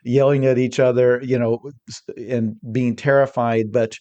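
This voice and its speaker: A man talking as a podcast guest, energetic and rambling, often restarting his sentences mid-thought. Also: medium pitch, moderate pace, muffled recording. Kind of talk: casual podcast discussion.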